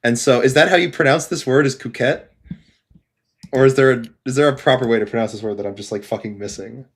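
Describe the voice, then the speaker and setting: A man's voice: medium pitch, fast talker. A young man co-hosting a podcast in casual, joking chat, blunt and often swearing. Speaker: podcast co-host and game developer.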